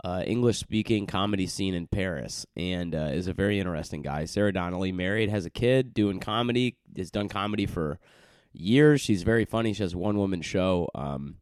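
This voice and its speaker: A man's voice: deep voice, brisk, darkish tone, clean tone, no echo, clean studio sound. A man hosting his own podcast, rambling in a loose, chatty way with plenty of fillers and restarts. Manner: loose and chatty, with many fillers and self-corrections. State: recovering from a cold and jet lag. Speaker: podcast host. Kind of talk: casual rambling monologue.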